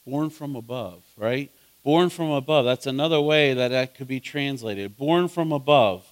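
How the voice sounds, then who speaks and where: A man teaching a Bible study as pastor, asking his listeners questions and swinging between loud emphasis and soft asides. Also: medium pitch, moderate pace.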